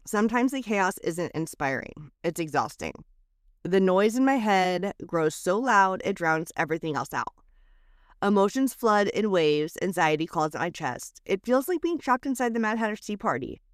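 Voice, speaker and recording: Reading a reflective letter from a script, this female podcast host sounds calm and expressive, her phrases lifting and then falling to a hush. Her pitch is medium and her pace moderate, captured in a dry, studio-quality recording.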